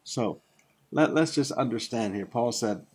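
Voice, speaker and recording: A man's voice: medium pitch, expressive, unhurried, a little mellow, husky. An older man preaching a sermon, teaching through a Bible passage in a conversational way, with asides and repeated phrases. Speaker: pastor.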